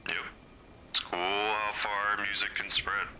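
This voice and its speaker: A man's voice: on the low side, level tone, unhurried, bright, forceful tone, a little hiss or hum, low-quality recording. A man chatting in a friendly way with other players over game voice chat.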